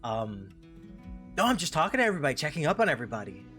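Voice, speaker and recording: A man voicing a cheerful young dog-boy guard from a tabletop game, bouncy and excitable, with a raised voice that stumbles and restarts as he chatters on. He sounds friendly and a little scatterbrained. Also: on the high side, racing, faint music behind, voice pushed up. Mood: excited.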